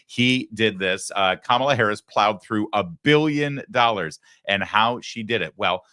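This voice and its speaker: A man's voice: on the low side, unhurried, bright, forceful tone, clean tone, no room sound. A man hosting a political talk show, talking with sarcastic, mocking asides from a studio. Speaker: host.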